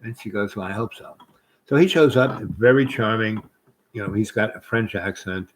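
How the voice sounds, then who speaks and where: A man's voice: on the low side, moderate pace, slight background noise, low-quality recording. A man casually telling a long personal story, rambling with fillers and quoting others.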